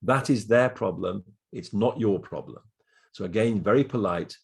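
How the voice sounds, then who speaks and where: A man with a low, slightly husky voice talks through practical advice as a media consultant. He speaks in a measured, explanatory way, often pausing on fillers and restarting his phrases. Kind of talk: advice in a recorded interview.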